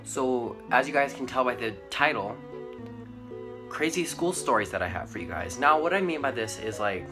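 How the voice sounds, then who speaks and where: A teenage boy vlogs school stories to his channel in a rambling, casual way, peppered with "like" and "um." His medium-pitched voice has lively intonation and a moderate pace, heard over music.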